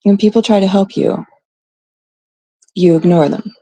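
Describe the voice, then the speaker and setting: A middle-aged woman from Canada hosting her own live stream, blunt and exasperated, swearing as she talks to her chat. Her voice is dark and gravelly. It sits in a dry, close sound. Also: mid-range voice, steady tone, a little slow, no room sound. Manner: blunt, exasperated, swears freely, quotes others mockingly. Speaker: livestream host. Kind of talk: casual live-stream rant.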